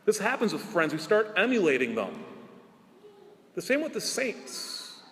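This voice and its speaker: A priest giving an earnest sermon, asking rhetorical questions and drawing out his key words slowly. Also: sits high, big pitch swings, fairly bright tone, long reverb tail, slight background noise. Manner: earnest preaching with rhetorical questions and slow emphatic endings.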